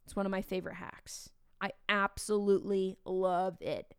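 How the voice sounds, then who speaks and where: A woman in her thirties, a teacher hosting a podcast, talking in a chatty, animated way with playful asides to the listener. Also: mid-range voice, normal speed, clean tone, dry recording, studio quality. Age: 30s. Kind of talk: casual podcast talk.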